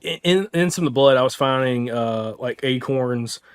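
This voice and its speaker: A man, a podcast host, telling a story in casual chat and acting out the quotes with animated energy. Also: mid-range voice, normal speed, clear, resonant tone. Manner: animated, excitable storyteller who acts out quotes.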